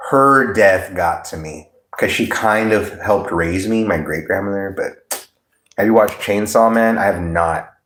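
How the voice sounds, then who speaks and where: A man's voice: lowish voice, measured pace, a bit bright, a little hiss or hum. A man hosting a livestream, chatting casually with viewers in a blunt, profane, laid-back way. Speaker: livestream host. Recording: roomy echo.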